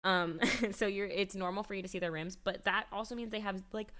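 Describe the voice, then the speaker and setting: A woman's voice: mid-range voice, fairly even intonation, brisk, a bit bright. Chatty woman streamer, laughing and rambling. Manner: chatty and rambling, restarts often, laughs easily. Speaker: livestreamer. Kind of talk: casual chat.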